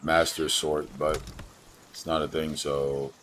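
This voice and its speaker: A man's voice: a bass voice, level tone, slow, a bit bright, slight background noise. A young man livestreaming a game, chatting in a slangy, blunt way and saying "bro" a lot. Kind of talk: casual chat while gaming.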